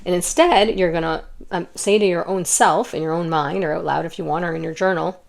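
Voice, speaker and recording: Brief: young woman, lowish voice, gentle rambling card reader, lots of "like" and restarts. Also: a little fast, creaky. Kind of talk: intuitive pick-a-card reading.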